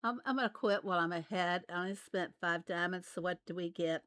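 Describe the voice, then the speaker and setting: With a fairly low, slightly bright voice and a brisk pace, an Arkansas-born game channel host offers casual commentary as she plays, laughing often. She has a light Southern US accent, and there's no echo.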